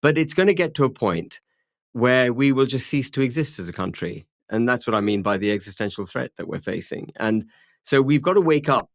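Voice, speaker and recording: A man's voice: medium pitch, animated, a little fast, dry recording, clean studio sound. A man, interviewed as a politician, arguing firmly and repeating key phrases for emphasis. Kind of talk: measured political argument.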